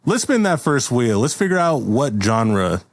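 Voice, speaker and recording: A man's voice: mid-range voice, sing-song, measured pace. A man hosting a podcast in casual banter, laid-back and teasing in his questions.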